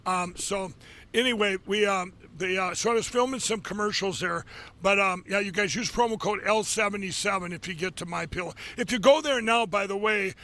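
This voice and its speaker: A middle-aged man hosting a live show from his office, rambling casually with many fillers and restarts, getting excited as he talks. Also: high voice, fairly quick. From Minnesota. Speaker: show host. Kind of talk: casual live monologue with ad pitches.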